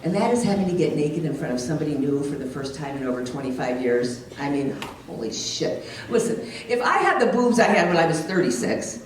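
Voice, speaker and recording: Middle-aged woman, stand-up comic, brash and teasing, lively pitch, distant mic, very echoey club. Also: brisk, noisy background. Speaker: stand-up comedian. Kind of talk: stand-up comedy set. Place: comedy club stage. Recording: echoey club from far off with loud crowd. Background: audience laughter.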